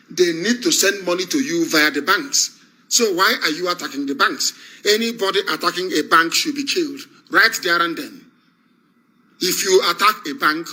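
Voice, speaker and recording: A man's voice: fairly high pitch, pushed and bright, low-quality recording. A man with a Nigerian accent giving an impassioned broadcast address as a preacher, fiery, repetitive and commanding.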